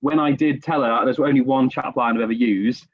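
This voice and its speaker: A man's voice: mid-range voice, brisk, no room sound. A man telling stories in a casual podcast chat, self-deprecating and chatty. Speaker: podcast guest. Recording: dull lo-fi recording.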